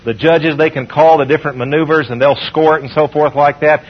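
A fairly high, husky male preacher delivers a call-and-response sermon. He slows down and rises when reading scripture. The sound is dull and lo-fi, like an old radio broadcast. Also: fairly even intonation.

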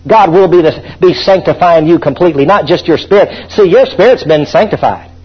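A fervent preacher with a high, husky voice drives his sermon, calling on the congregation to answer back. The recording is dull and lo-fi. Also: expressive, a little fast.

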